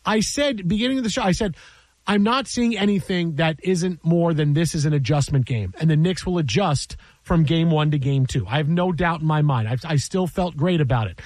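A man's voice: on the high side, darkish tone, no echo. A man hosting a sports talk show, emphatic and sarcastic, riffing in mock quotes.

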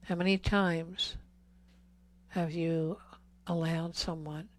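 Woman, earnest lay preacher, slow measured delivery, low flat voice, whispered emphasis. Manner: slow and earnest, drops to whispers on key words; pleading repeated questions. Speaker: speaker at a healing service. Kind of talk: Catholic talk to a congregation.

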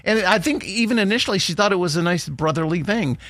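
A man's voice: a little high, lively intonation, fairly quick, hardly any pauses, no echo, studio quality. A man hosting a morning show, chatting casually with lots of fillers and chuckles. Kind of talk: casual chat radio show.

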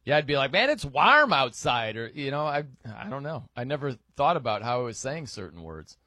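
A man's voice: medium pitch, fairly quick, a bit bright, dry recording, clean studio sound. A man hosting a sports radio show, chatting casually and laughing as he mimics people in his stories.

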